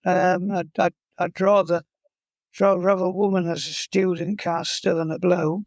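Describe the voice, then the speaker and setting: A man's voice: sits high, little pitch movement, normal speed, a little mellow, no room sound. A man who teaches fly casting and guides, chatting in an interview and telling humorous stories. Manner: humorous, anecdotal storyteller. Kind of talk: casual interview chat.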